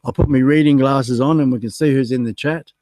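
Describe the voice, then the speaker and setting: A man's voice: medium pitch, fairly even intonation, fairly quick, mellow, no echo. An Australian man hosting a casual livestream chat, reading out the chat and joking about being stood up, with lots of ums and uhs. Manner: chatty, self-mocking, reads chat aloud with many ums. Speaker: livestream guest host.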